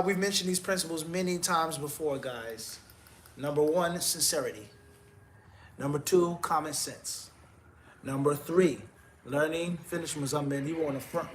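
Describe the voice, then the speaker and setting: A man's voice: a little high, a bit bright, slight background noise. Firm, exhorting male preacher. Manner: firm, exhorting, counts points, jokes about himself. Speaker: mufti answering questions. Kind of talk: live Q&A answers.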